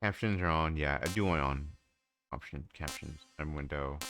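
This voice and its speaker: A man's voice: rumbling low, normal speed, a bit bright. A man casually commenting on a game during a live stream, with offhand joking asides. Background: game music.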